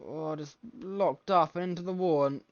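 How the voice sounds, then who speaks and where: A man giving live race commentary from home late at night, excitable and often correcting himself mid-sentence, with a scratchy throat. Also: on the high side, normal speed. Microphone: desk microphone. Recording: slightly muffled lo-fi mic.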